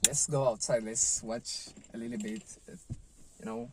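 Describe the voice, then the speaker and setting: A man's voice: medium pitch, fairly even intonation, normal speed, noisy background. A man telling a personal surfing story in a loose, rambling vlog style, full of "like" and "you know". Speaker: surfing vlogger.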